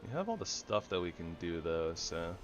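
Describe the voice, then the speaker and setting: Male gamer with a deep voice, relaxed rambling commentary that keeps correcting itself. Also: moderate pace, a little hiss or hum. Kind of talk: casual gameplay commentary.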